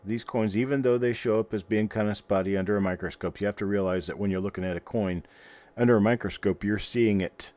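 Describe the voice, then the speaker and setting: A man's voice: fairly low pitch, steady tone, fast talker, few pauses, darkish tone. A middle-aged man hosting a livestream, chatting casually and rambling in a folksy way while he talks to his viewers. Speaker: host of a coin roll hunting livestream.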